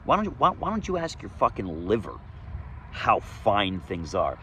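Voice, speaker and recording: A man telling his own story in a candid, profane monologue outdoors, swinging between loud emphasis and low muttering. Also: huge pitch swings, normal speed, a little hiss or hum. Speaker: vlogger sharing his recovery story. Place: outdoors, sunny day.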